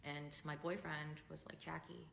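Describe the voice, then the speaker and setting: A woman's voice: deep voice, normal speed, vocal fry, a bit bright. A woman talking casually and wryly to camera. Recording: roomy with faint noise.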